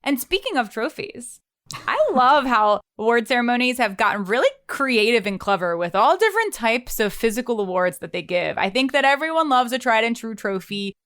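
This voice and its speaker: Bubbly woman with a smooth, high voice. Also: expressive, brisk, a bit bright. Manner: bubbly, enthusiastic. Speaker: podcast co-host. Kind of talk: casual podcast chat.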